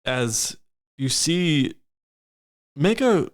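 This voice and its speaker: A man's voice: on the high side, big pitch swings, drawn-out words. A man narrating a tabletop fantasy game as game master, describing scenes at length with frequent restarts. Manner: descriptive, many fillers and restarts.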